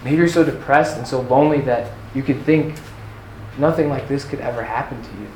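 The young man speaking to a youth audience has a medium-pitched voice and a brisk pace. His earnest personal testimony at the retreat is packed with fillers, recorded in an echoey room with faint ambience and background noise.

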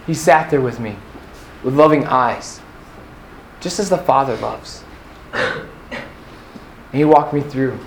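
A man's voice: medium pitch, slow, vocal fry, pauses often, slight background noise. A young man giving an earnest, personal testimony as a retreat speaker, with many fillers. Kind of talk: faith talk to a youth audience. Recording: echoey room with faint ambience.

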